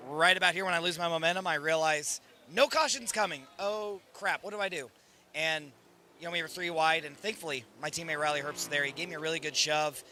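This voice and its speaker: A hoarse young man, a race winner, excitedly retelling his win in casual chat. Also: fairly high pitch, a little hiss or hum.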